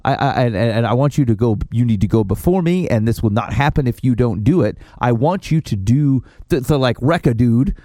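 Man, podcast co-host, mellow, lively pitch, reflective, dry mic. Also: no echo. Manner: reflective, halting restarts. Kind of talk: casual chat about faith.

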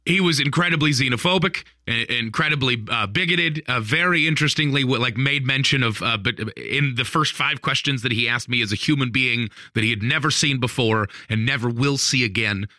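A married man casually telling a funny story on a podcast, animated, laughing often, with plenty of fillers. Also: medium pitch, a little fast, few pauses, no room sound, clean studio sound. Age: adult, married. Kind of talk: casual chat.

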